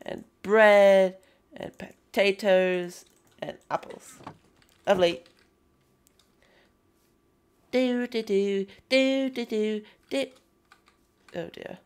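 A young woman chatting excitedly through a gameplay session, calling out playful greetings to characters in the game. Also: medium pitch, very slow, pauses often, smooth. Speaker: gaming video host. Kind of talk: casual gameplay commentary.

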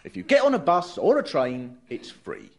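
A man's voice: on the high side, wildly swooping pitch, normal speed. A male comedian hosting, explaining his ideas in sardonic stand-up patter. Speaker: comedian host.

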